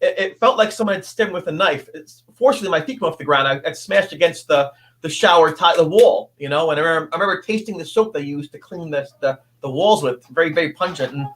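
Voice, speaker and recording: Guy in his 50s with a high voice, earnest and halting, keeps restarting sentences as he tells his story. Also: fairly bright tone. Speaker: guest. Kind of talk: emotional personal storytelling.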